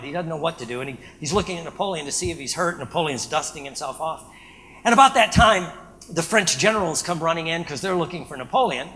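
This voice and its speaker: A man with a high voice and a bright, forceful tone lectures to an audience. He tells his anecdote with animated energy and keeps checking in with "right?". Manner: animated storytelling with frequent "right?" check-ins. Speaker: speaker. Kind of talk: storytelling lecture.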